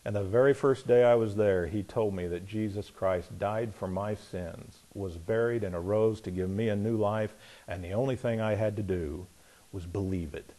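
A middle-aged man preaching a personal testimony, telling his story with swings from loud excitement to hushed quiet. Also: fairly low pitch, moderate pace. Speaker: pastor. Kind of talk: sermon testimony.

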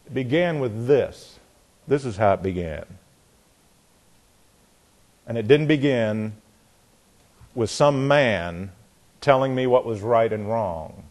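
A man teaching from the Bible in a sermon, often repeating words as he searches and slowing down hard to stress key phrases. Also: medium pitch, expressive, darkish tone. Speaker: preacher.

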